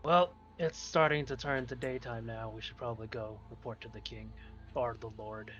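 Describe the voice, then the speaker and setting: A man playing in a tabletop game, calm and practical, on a dull lo-fi mic. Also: mid-range voice, normal speed, soft background music. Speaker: player.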